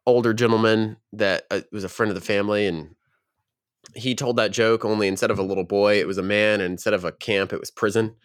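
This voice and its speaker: A man's voice: lowish voice, steady tone, fairly quick, smooth. A man co-hosting a podcast, chatting casually and reminiscing with hesitant fillers. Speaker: podcast co-host. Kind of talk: casual chat.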